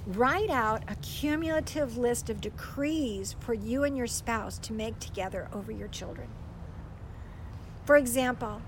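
An older woman giving a gentle, earnest faith teaching to a group, tearful at times as she speaks. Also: on the high side, a little hiss or hum, poor audio. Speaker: speaker teaching on prayer for children.

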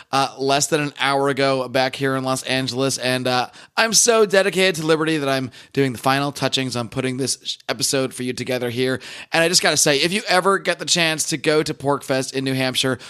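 A man hosting a podcast, talking casually with a slightly hoarse, rough voice. He chats loosely and promotes the show between stories. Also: mid-range voice, fairly bright tone. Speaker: podcast host.

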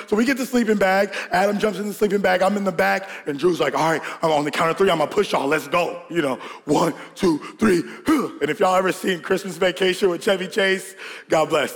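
High-voiced preacher telling a story. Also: male voice, gravelly. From Georgia, US. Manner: animated storytelling, laughing, call-and-response. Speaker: pastor. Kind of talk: sermon. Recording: long hall reverb.

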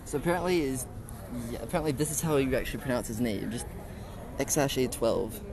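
A man's voice: medium pitch, expressive, quick pace, darkish tone. A man chatting casually with friends on a podcast, interjecting and laughing playfully. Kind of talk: casual chat. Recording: crowd noise behind.

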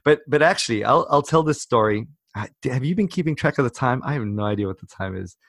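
A man's voice: medium pitch, animated, quick pace, gravelly, fairly bright tone, dry recording, studio quality. A South African man telling a long story in casual chat on a video call, rambling with many restarts. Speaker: podcast co-host.

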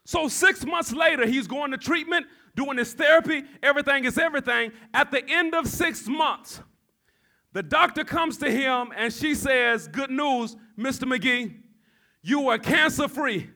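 Preaching at a normal speed with some vocal fry, a male pastor in full sermon mode has a very high, bright, forceful voice. He calls for responses from the congregation and escalates into shouts.

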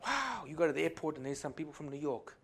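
A high-pitched man from Africa preaching from the pulpit. He rises into loud, fervent exhortation, then drops to quiet, chatty asides. Amens and hallelujahs run through everything he says. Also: big pitch swings, fast, creaky, slightly rough. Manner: swings between loud exhortation and quiet asides, peppered with amen and glory to God. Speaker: pastor. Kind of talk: sermon.

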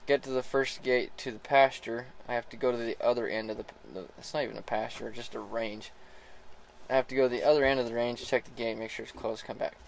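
A relaxed man spins a casual story about working a young horse. His voice sits at an ordinary middle pitch, and he chuckles now and then and trips over his own sentences. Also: fast, gravelly, slight background noise, poor audio. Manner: relaxed, laughs often, restarts sentences. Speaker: horse rider starting a young colt.

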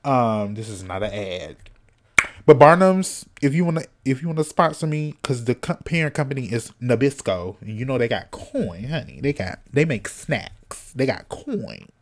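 A man hosting a solo podcast in casual chat, sassy and animated, cussing freely and snacking as he talks. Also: mid-range voice, moderate pace. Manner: snacking while talking. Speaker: podcast host.

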